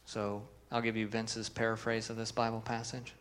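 A man's voice: lowish voice, monotone, normal speed, hardly any pauses, fairly bright tone, a little hiss or hum. A man preaching a sermon as pastor, earnest, reading scripture with emphasis and putting questions to the congregation.

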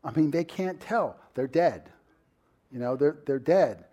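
A male pastor giving a sermon in a conversational style, full of "you know" fillers and rising to loud, emphatic bursts. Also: on the high side, lively intonation, a little slow. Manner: conversational preaching with many fillers.

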